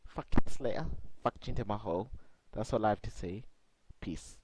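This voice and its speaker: A man's voice: lowish voice, unhurried, background noise, close to an everyday voice. A man putting on a boastful male pro wrestler with a put-on Liverpool accent, trash-talking. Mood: cocky. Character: brash male pro wrestler cutting a promo.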